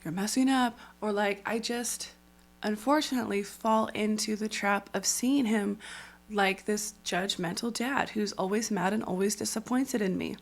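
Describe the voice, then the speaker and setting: A woman speaks in a casual, earnest way about faith, with a voice of ordinary pitch for a woman. She is chatty and full of "like" fillers. She often breaks into high, squealy little quotes. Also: steady tone, measured pace, creaky. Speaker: Christian devotional creator. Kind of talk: casual faith talk to camera.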